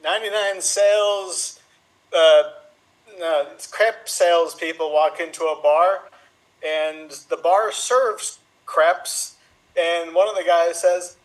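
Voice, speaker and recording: High-voiced, hesitant male improv player. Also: takes it slowly, low-quality recording. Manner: hesitant setups with fillers, jumps up in pitch for quoted lines. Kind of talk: improvised joke telling.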